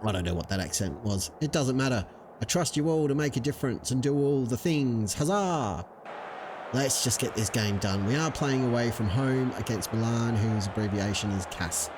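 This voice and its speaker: A man casually commentating his own video game session, chatty and self-mocking, lively when cheering on his team. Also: mid-range voice. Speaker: video game let's-play host. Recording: clear background noise.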